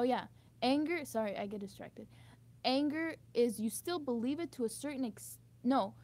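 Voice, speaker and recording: A young woman with a high voice vents in a frustrated, blunt monologue. She swears freely, rambles and restarts sentences mid-thought. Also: a little mellow. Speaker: vlogger. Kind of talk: emotional venting monologue.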